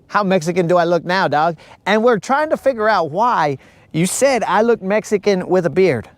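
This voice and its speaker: A man's voice: sits high, expressive, no room sound. A man from the United States hosting a fishing livestream, chatting casually with viewers in a rambling, joking way. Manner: rambling, joking, drawn-out teasing. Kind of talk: casual chat reading live comments.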